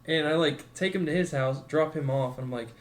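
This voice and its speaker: A young man on a podcast talks with a slightly raised pitch, relaxed and casual. He drifts through his story and slips into voices for the people in it. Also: a little fast. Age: 20s. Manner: laid-back, acts out quotes with swearing and laughter. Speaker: podcast co-host.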